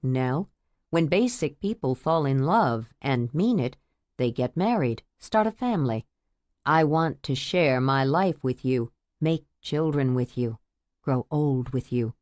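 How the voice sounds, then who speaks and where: A woman voicing an earnest, tender man in love who speaks quietly and steadily, in a romance audiobook. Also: slow pace, dry recording, clean studio sound, full character voice. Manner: quiet, steady, low-voiced. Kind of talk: audiobook character voice.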